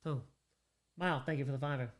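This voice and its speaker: A man's voice: medium pitch, fairly even intonation, fast talker. A man hosting a charity livestream, reading out donations and bantering with chat, sometimes in character as a made-up persona.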